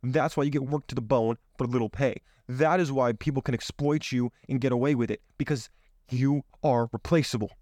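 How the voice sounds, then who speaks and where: A man's voice: medium pitch, fairly quick, darkish tone, no echo, clean studio sound. A man hosting a podcast, giving an emphatic motivational monologue full of rhetorical questions, speaking into his own microphone. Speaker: podcast host. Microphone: own microphone on camera.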